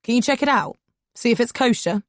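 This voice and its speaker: A woman's voice: on the high side, expressive, brisk, no echo, pitched above the performer's own voice, lightly acted. A brusque, balding male reporter handing out tasks with no patience, voiced by a woman narrator. The delivery is curt and matter-of-fact, close and dry.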